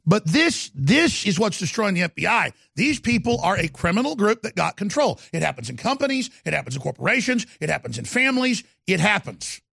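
A man hosting a talk radio show, his gravelly voice sitting fairly high for a man. He rants with heat, drops low, then bursts out loud again. The studio sound is dry and close. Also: sing-song, fairly quick, few pauses, no echo. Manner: emphatic ranting delivery, shifting between low growls and sudden loud outbursts. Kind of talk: fiery political talk radio monologue.

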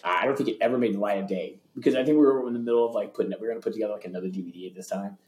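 A man telling road stories as an interview guest in a loose, excitable way, full of fillers and restarts. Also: fairly low pitch, roomy sound, slight background noise. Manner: animated, fast, lots of fillers and restarts, acts out voices. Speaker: interview guest, former tour hypeman. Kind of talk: casual storytelling.

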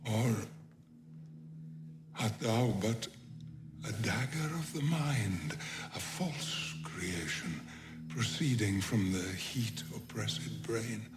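Haunted nobleman, slow stage recitation, long pauses, deep voice, lively pitch, loud music behind. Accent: English. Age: older. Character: brooding nobleman seeing a phantom dagger.

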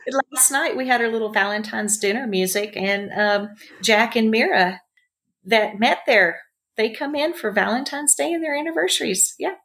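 A woman's voice: a little high, normal speed. Chatty middle-aged woman telling stories. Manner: chatty, warm storyteller with many fillers. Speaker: ranch owner and bar owner, guest. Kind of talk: casual interview storytelling.

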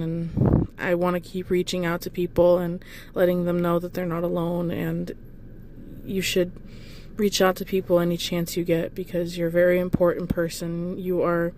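A woman talks on her own podcast in a loose, rambling way, turning goofy and playful as she hypes up her listeners. Her voice has a mellow, relaxed tone. She showers the audience with encouragement. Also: on the low side, moderate pace, a little hiss or hum. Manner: affectionate, encouraging. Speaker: podcast host. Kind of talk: casual motivational monologue.

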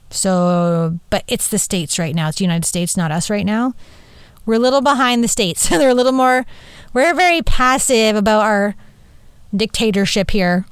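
Woman, podcast host, rambling and sweary, smooth higher voice, dry close sound. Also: no room sound. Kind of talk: casual monologue. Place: small closet.

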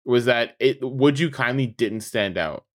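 A man's voice: mid-range voice, unhurried. Male podcast co-host, argumentative and jokey, mid-range voice. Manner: insistent, laughs often, swears. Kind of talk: casual chat.

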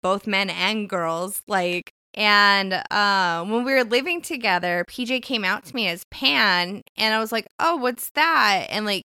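A young woman co-hosting a podcast, chatty and giggly. Her voice is bright and crisp, and it sounds dry and close to the mic. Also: mid-range voice, a little slow, hardly any pauses, no echo. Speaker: podcast co-host. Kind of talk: casual chat.

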